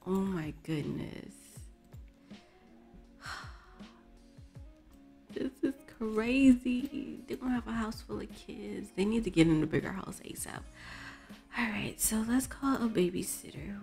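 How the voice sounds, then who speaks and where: A woman's voice: medium pitch, creaky, warm tone. A woman hosting a casual let's play, chatting and exclaiming at the characters in her game. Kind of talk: casual gameplay commentary. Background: faint background music.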